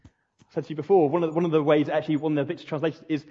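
A man's voice: fairly high pitch, level tone, rapid-fire, husky. A male pastor preaching a sermon, retelling a story in an earnest, emphatic way. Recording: dull lo-fi recording in a reverberant hall.

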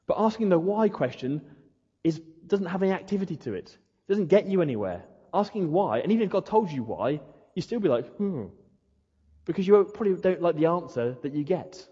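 A man's voice: sits high, lively intonation, a little fast, warm tone, slightly rough. A man preaching a sermon, acting out questions and prayers in a rhetorical way. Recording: dull echoey hall.

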